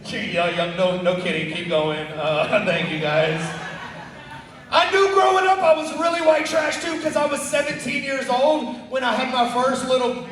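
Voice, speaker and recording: Man doing loud animated stand-up. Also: extremely high pitch. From Texas. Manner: fast, animated storytelling, loud punchlines. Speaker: stand-up comedian. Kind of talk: stand-up comedy set. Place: comedy club stage. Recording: echoey club from far off. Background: audience laughter.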